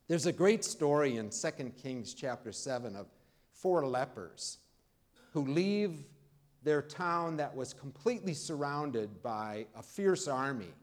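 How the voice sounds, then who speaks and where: A man preaching a Sunday sermon, talking to the congregation in an easy, conversational way and leaning hard on key words. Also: medium pitch. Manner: preaching, warm conversational pauses, emphatic rises. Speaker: pastor. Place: church.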